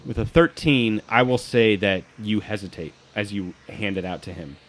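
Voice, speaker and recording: A man narrating as game master of a tabletop game, lively and laughing along. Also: fairly low pitch, moderate pace, slight background noise.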